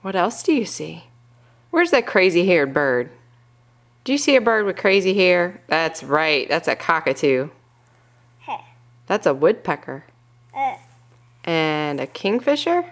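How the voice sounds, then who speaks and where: A young woman reading a picture book aloud to her toddler at home, gently asking questions and coaxing with little animal noises. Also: fairly low pitch, very animated, measured pace, long pauses.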